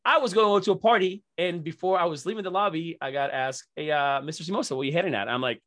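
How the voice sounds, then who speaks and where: Excitable, swearing man telling stories. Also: a little high, quick pace, few pauses. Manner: excitable, profane, laughing often. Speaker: podcast guest. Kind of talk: casual storytelling.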